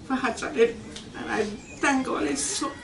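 A woman who speaks with emotional gratitude in slow, fervent phrases. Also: high-pitched, gravelly. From Trinidad. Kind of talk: casual testimony. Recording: echoey, distant, noisy.

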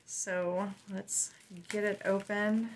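A woman's voice: medium pitch, little pitch movement, slight background noise, low-quality recording. A woman vlogger chatting casually and gushingly as she unboxes gifts. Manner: warm, gushing, unhurried.

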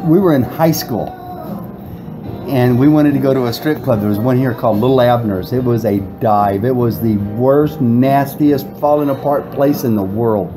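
A man's voice: medium pitch, moderate pace, music in the background, rough recording. A middle-aged man telling a long, rambling story in casual chat, often laughing. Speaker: guest.

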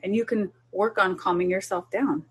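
A woman's voice: medium pitch, fairly even intonation, normal speed, husky. A woman who is a child development specialist, talking parents through a group session in an earnest, instructive way.

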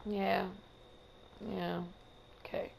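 A woman's voice: mid-range voice, little pitch movement, drawn-out words, vocal fry, slight background noise. A woman streamer commenting on her gameplay in a casual, profane, trash-talking way. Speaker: gamer streamer.

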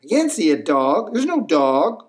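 A man's voice: on the high side, big pitch swings, measured pace. A man doing a scoffing skeptical frog. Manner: mocking and incredulous.

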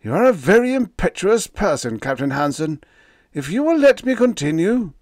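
A pompous executive uncle, formal and precise, lecturing in a raised, lively voice, as a man puts him on. The delivery is close and dry. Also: sits high, moderate pace, no echo, voice pushed up. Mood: smug. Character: pompous, measured male company vice president.

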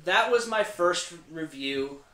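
A man's voice: high voice, animated, takes it slowly, bright, forceful tone. A young man in his twenties co-hosting a casual beer review, easygoing and rambling. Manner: laid-back, short replies, rambling with "like". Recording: echoey room.

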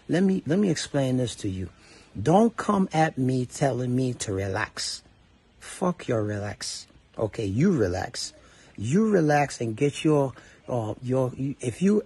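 A man's voice: medium pitch, a little mellow, slightly rough. A middle-aged Ghanaian man with a Ghanaian accent delivers a heated, profane social media rant to his fans. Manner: angry, profane, switching between English and Twi. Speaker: entertainer addressing fans.

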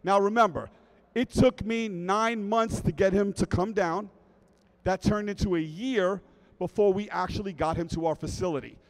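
A middle-aged man tells a comic story on a convention stage, keeping his voice high for a man. He is animated and keeps checking in with his audience. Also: normal speed, low-quality recording. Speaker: speaker at a fan convention.

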